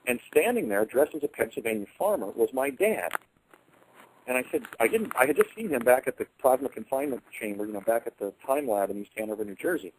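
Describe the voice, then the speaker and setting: A man's voice: medium pitch, expressive, fast, slight background noise, low-quality recording. A man telling a long personal story in a rambling way, often correcting himself mid-sentence and acting out the voices of people he quotes. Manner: restarts and self-corrections, acts out quoted voices. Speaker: speaker recounting personal experiences.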